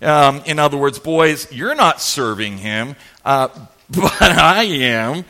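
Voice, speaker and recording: A male pastor preaching with playful humor, retelling a story in an animated, joking way. His voice is high and has a bright, forceful edge. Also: slow pace. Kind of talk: sermon.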